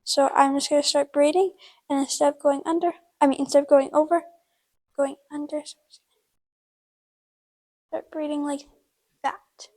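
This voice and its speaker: A woman's voice: high voice, level tone, moderate pace, pauses often, a little mellow, poor audio. A woman hosting a horse-care video at a barn, explaining a braid in a chatty, casual way with lots of fillers while she works. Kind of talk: casual how-to demonstration.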